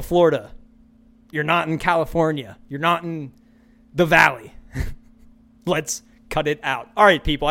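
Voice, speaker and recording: A male podcast host rants through his solo show, swearing freely and hammering his points by repeating them. His voice sits a bit higher than most men's. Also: a bit bright. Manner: ranting, profane, repeats his punchlines.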